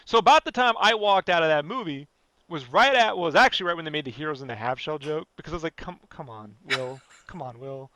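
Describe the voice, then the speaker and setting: High, bright-voiced ranting man. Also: fast, dry recording. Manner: animated, profane, ranting. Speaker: podcast guest. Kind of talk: casual podcast rant.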